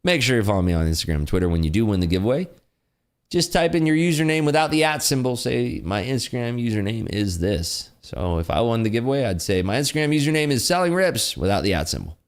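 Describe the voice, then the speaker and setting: A young man with a deep, gravelly voice chats casually on a trading livestream. He reads viewer comments aloud and jokes around, and his pitch swings widely from low grumbles up to excited highs. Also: quick pace, hardly any pauses. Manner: jokey, reads chat aloud, laughs often. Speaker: livestream host.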